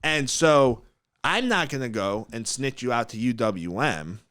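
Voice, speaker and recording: Brash male podcast host with a middle-pitched voice, lively delivery and a dry, close sound. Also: unhurried, no room sound. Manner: blunt, animated, fired-up. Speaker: mortgage broker, podcast host. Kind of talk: casual podcast storytelling.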